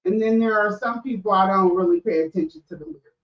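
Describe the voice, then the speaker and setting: A woman's voice: mid-range voice, fast talker, far from the mic. A middle-aged woman who hosts a podcast, talking candidly and casually with frequent restarts. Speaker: podcast host. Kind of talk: casual livestream talk. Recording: echoey room, off-mic, dull sound.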